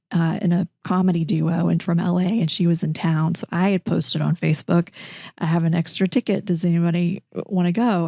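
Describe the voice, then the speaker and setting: A middle-aged woman, a guest telling a personal story in an interview, animated and voicing the people in her story. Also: on the low side, dry recording, studio quality. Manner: animated, acts out quoted dialogue, frequent restarts. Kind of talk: conversational storytelling.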